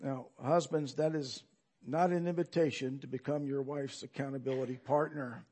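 A man delivers a sermon in a talky, emphatic way and keeps putting rhetorical questions to the congregation. His voice sits high for a man and has a slightly husky, breathy edge. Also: moderate pace. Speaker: preacher.

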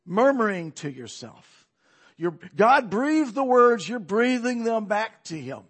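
A man delivers a sermon in a talky, emphatic way and keeps putting rhetorical questions to the congregation. His voice sits high for a man and has a slightly husky, breathy edge. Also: big pitch swings, slow pace, a bit bright. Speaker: preacher.

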